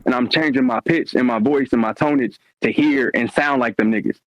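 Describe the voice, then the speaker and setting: A man from Indiana in casual podcast chat, talking quickly and confidently. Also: mid-range voice, no echo. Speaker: podcast co-host. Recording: dull, dry, lo-fi.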